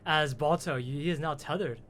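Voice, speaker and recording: A man running a tabletop game as game master, narrating in a halting way with many restarts. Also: a little high, a bit bright, slight background noise.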